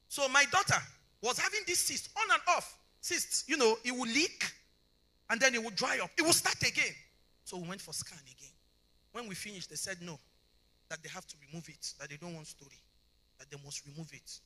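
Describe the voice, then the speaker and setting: A woman's voice: mid-range voice, bright, forceful tone. A middle-aged woman with a Nigerian accent preaching a testimony at a conference. She tells her story with animation, acts out both sides of the conversations and keeps asking the congregation whether they understand. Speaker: conference speaker. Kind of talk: testimony sermon.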